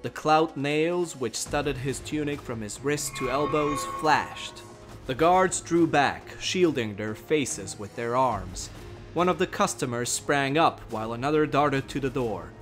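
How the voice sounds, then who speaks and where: A man reading a fantasy story aloud in a measured, steady storytelling voice. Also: medium pitch. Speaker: narrator. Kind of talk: dramatic audiobook narration.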